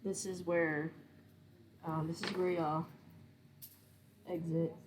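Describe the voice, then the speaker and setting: A woman's voice: fairly low pitch, level tone, slow, background noise. A woman, running a tabletop game as game master in a casual, filler-heavy way.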